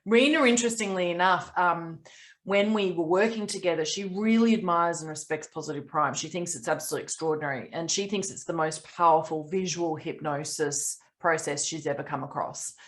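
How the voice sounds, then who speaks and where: A woman hosting a group mentoring video call, chatting casually with lots of pauses and ums. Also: lowish voice.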